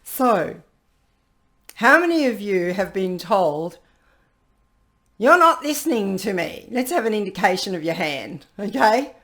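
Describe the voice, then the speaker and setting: A woman leading an online workshop over a video call, lively and playful, acting out what people think to themselves. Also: mid-range voice, unhurried, pauses often. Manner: lively, playfully acts out people's inner dialogue. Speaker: workshop facilitator.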